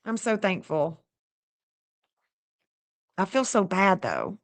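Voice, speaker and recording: A woman's voice: mid-range voice, measured pace. Chatty woman livestreaming. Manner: chatty and excitable, talks to viewers, laughs often. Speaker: livestream host reading astrology maps. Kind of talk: casual livestream chat.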